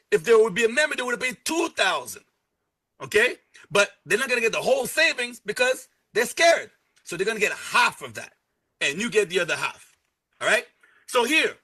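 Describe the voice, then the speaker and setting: A man giving an energetic live sales pitch, repeating key words and joking with his chat audience. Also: husky. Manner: energetic, repetitive, salesy, playful asides. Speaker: presenter pitching a travel membership.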